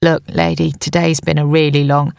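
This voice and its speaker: A woman voicing a gruff, impatient middle-aged man in an audiobook, speaking curtly. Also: low voice, level tone, moderate pace, darkish tone, no room sound, studio quality. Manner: gruff, curt. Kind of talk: audiobook character voice.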